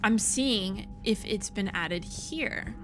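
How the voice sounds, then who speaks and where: A woman's voice: medium pitch, takes it slowly, music in the background. A woman streaming a video game, chatting casually, frustrated and swearing freely. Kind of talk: casual let's-play commentary.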